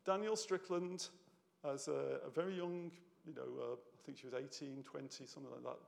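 A man's voice: mid-range voice, a little fast, vocal fry. A man preaching a sermon in church, chatty and conversational, often checking in with "yeah?" and at times moved. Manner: conversational, tag questions, gets emotional. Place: church hall. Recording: long hall reverb.

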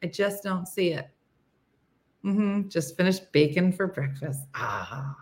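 A woman's voice: fairly low pitch, unhurried, darkish tone. A woman hosting a casual morning live stream, chatty and rambling, laughing often and reading viewer comments aloud.

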